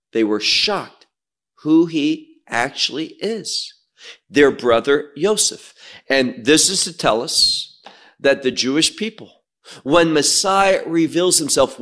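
A man preaching a sermon, teaching verse by verse in a slow, emphatic delivery. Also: fairly high pitch, a bit bright.

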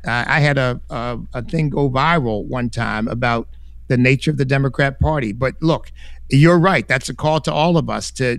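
A man's voice: mid-range voice, no room sound. A man answering callers as a guest on a talk radio show, fervent and emphatic, often restarting his sentences. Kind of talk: call-in radio commentary.

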